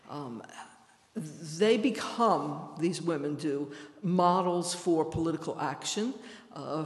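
New York-accented woman lecturing in a hall. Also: low voice. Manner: measured, explanatory, talks to the audience directly. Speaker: history professor. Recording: echoey hall.

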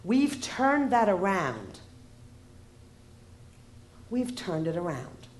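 A woman's voice: medium pitch, very animated, extremely slow. A woman giving a humorous lecture, wry in tone and often asking the audience rhetorical questions. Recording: roomy echo.

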